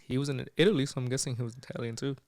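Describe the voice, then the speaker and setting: Young man, podcast co-host, mid-pitched voice, dry close mic, casual storytelling. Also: steady tone, very fast, a little mellow, no room sound. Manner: retells a movie plot with many "he's like" quotes.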